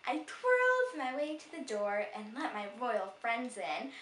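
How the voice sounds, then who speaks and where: A woman reading a children's storybook aloud in an animated, expressive way, in a roomy, distant recording. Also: a little high, a little slow, slight background noise. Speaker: storybook reader.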